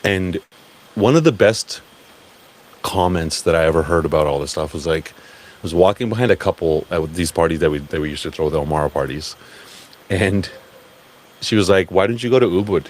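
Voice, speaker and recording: Blunt, profane man with a lowish voice. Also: normal speed, long pauses. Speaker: speaker at a crypto event. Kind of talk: live talk.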